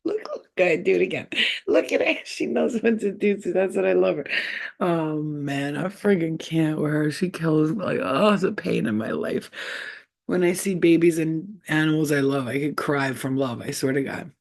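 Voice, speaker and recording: A woman's voice: low-pitched, moderate pace, gravelly, a little mellow. A woman hosting a casual live stream from home, talking in a rambling, profane and giggly way. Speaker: channel host.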